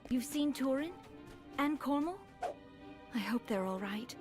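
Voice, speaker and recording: Nervous young captive mage, slightly high voice, music under her. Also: lively intonation, a little slow. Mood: worried. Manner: timid, anxious. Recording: game audio with music behind.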